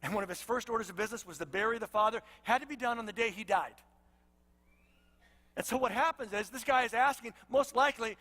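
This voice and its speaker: A man's voice: very high-pitched, quick pace, pushed and bright, big-room sound. A man preaching a sermon as pastor, in a casual storytelling way with lots of conversational asides.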